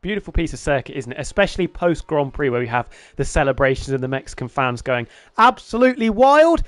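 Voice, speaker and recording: A man's voice: medium pitch, quick pace, dry recording. Upbeat man calling a sim race. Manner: lively, builds excitement over lap times. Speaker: sim racing commentator. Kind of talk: lead race commentary.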